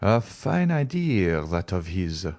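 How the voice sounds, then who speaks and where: A man's voice: deep voice, sing-song, takes it slowly, darkish tone, exaggerated voice. A man voicing a suspicious middle-aged male banker who speaks in a dry, probing, dismissive way, in an audiobook reading. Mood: skeptical. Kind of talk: audiobook character voice.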